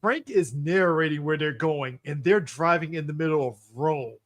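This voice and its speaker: A man co-hosting a casual movie podcast, excitable and swearing freely as he retells scenes. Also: on the high side, normal speed. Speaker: podcast co-host. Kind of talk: casual chat.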